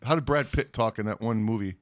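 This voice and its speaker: A man from Michigan with a Michigan accent, co-hosting a casual podcast, crude and blunt, with loud bursts when he reads out viewers' names. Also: lowish voice, a little fast, a little hiss or hum. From United States. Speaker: podcast co-host. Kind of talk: casual chat reading viewer super chats.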